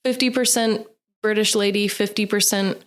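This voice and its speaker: A woman co-hosting a podcast in relaxed, earnest casual chat. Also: mid-range voice, normal speed. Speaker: podcast co-host.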